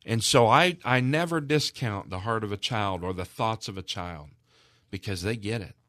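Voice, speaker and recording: A man's voice: on the low side, moderate pace, a bit bright, dry recording, studio quality. A man speaking as a guest on a charity radio broadcast, telling a heartfelt story in an earnest, emotional way with frequent restarts.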